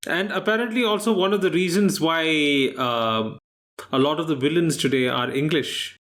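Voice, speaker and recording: A quizmaster co-host with a fairly high voice chats casually on a quiz podcast. He explains the answers at an unhurried, thoughtful pace and drops in dry, teasing jokes.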